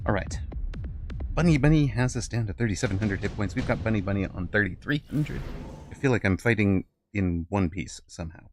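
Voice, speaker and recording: A man's voice: fairly low pitch, expressive, fairly quick, a little mellow, faint music behind. A middle-aged man streaming a strategy game, chatting playfully, thinking aloud about his moves and laughing often. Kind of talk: casual game commentary.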